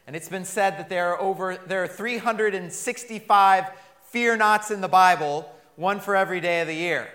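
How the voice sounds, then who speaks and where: A man in his thirties preaches a sermon with a high voice. His tone is bright, and he tells his stories with humor and lively energy. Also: moderate pace. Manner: animated storytelling with humor. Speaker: pastor.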